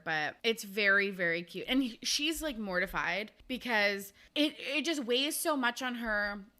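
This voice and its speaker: A woman co-hosting a podcast in casual book chat, talking fast and loose with lots of fillers and frequent laughs. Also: mid-range voice, pushed and bright. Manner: chatty, laughs often, many "like" fillers. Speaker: podcast co-host.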